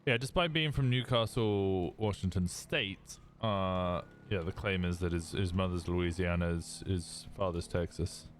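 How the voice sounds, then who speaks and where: A man's voice: deep voice, a little slow, few pauses, slight background noise. An English man streaming a role-play game, chatting casually and self-deprecatingly with his viewers in his own accent. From England.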